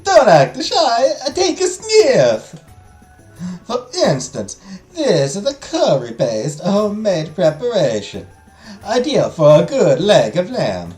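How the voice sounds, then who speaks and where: A man voicing a cheerful, pushy spice and tea merchant with a put-on Italian accent and high, drawn-out sales patter. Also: wildly swooping pitch, mellow. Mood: eager. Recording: echoey room, faint music.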